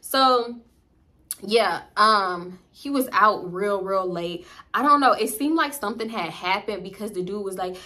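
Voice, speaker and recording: A woman with a Southern US accent telling a casual storytime, slangy and profane, jumping in pitch as she acts out what others said. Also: unhurried. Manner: animated, acts out quoted dialogue with big pitch jumps; slangy, profane, addresses viewers as y'all. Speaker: storytime vlogger.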